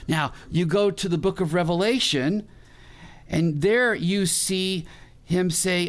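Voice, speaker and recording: A man's voice: high-pitched, moderate pace. A middle-aged male pastor preaching a sermon in a conversational way, with restarts and questions put to the congregation.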